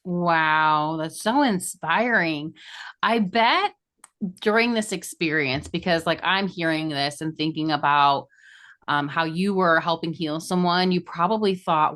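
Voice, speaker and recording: A woman's voice: sits low, unhurried, a bit bright. Enthusiastic woman hosting a podcast. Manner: enthusiastic, emphatic rises on key words. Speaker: podcast host. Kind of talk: podcast interview.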